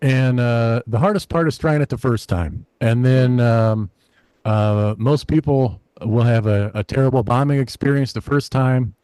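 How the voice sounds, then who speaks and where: A middle-aged man, a stand-up comedian, telling a lively story in a casual interview, acting out the people in it. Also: medium pitch, measured pace, clear, resonant tone, no echo. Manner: animated anecdote-teller, acts out quoted voices.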